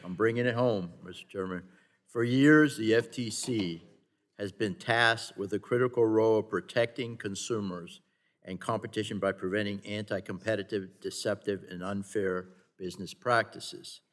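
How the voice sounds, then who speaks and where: A man's voice: fairly low pitch, fairly even intonation, normal speed. Man, congressman, formal floor speech, insistent, repeats phrases, long reverb of a big hearing room. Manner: earnest, insistent, with repeated phrases and some stumbles. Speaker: congressman at committee markup. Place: large committee hearing room.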